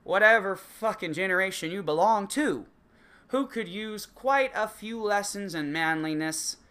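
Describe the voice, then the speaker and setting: A man's voice: sits high, lively intonation, measured pace, sharp tone, smooth. A man delivering a profane, sarcastic comedic rant, swearing constantly. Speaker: comedic ranter.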